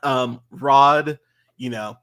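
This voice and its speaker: A man co-hosting a movie podcast, chatting casually and rambling excitedly through film scenes with lots of fillers and laughter. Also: mid-range voice, very slow. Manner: rambling, animated, laughs a lot, many "like" fillers. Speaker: podcast co-host. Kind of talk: casual film review chat.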